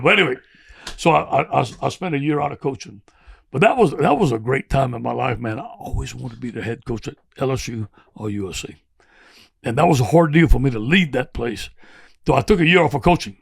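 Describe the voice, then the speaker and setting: An older man with a gravelly voice, telling rambling, animated stories with laughs as a podcast guest. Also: mid-range voice, brisk. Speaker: guest football coach. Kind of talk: podcast storytelling.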